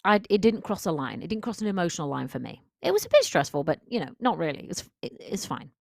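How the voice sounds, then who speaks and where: A woman with a low voice coaching listeners on a solo podcast. She talks in a direct, emphatic, conversational way. The sound is close and dry, with no room echo. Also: sing-song, quick pace, creaky. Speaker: confidence coach.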